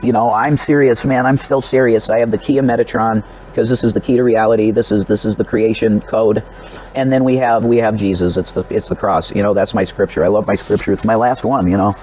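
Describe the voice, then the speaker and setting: A man's voice: fairly low pitch, fairly even intonation, fairly quick, darkish tone, slight background noise, low-quality recording. A man talking in a rambling personal vlog, addressing another creator directly, restarting his sentences and repeating himself. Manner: rambling and repetitive, with frequent restarts and direct pleas to the viewer. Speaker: religious vlogger.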